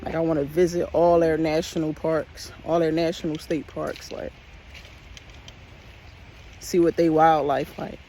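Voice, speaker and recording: Out on a park trail, a man vlogs casually as he hikes, his voice fairly high and his pace a little slow with long pauses. He rambles in a relaxed way, repeating himself and saying "like" a lot, and gets a bit winded on the hills. The low-quality recording carries a slight hiss or hum.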